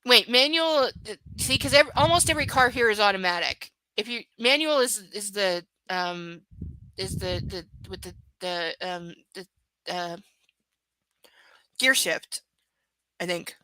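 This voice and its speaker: A woman hosting a live book reading stream, chatting casually with her viewers in a halting way, full of fillers and restarts. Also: medium pitch, sharp tone, dry recording, poor audio. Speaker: livestream host reading a book.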